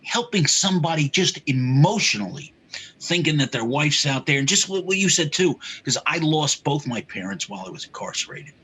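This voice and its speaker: A man hosting an interview, speaking gently and prompting his guest with short questions. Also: fairly high pitch, sing-song, a little fast, slightly rough, poor audio. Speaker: podcast host. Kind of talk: interview conversation.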